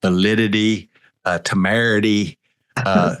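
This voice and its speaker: A man's voice: fairly low pitch, fairly even intonation, measured pace, fairly bright tone, clean tone. Folksy man co-hosting a podcast. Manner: folksy and joking, wraps up the show. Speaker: podcast co-host. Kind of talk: casual political chat.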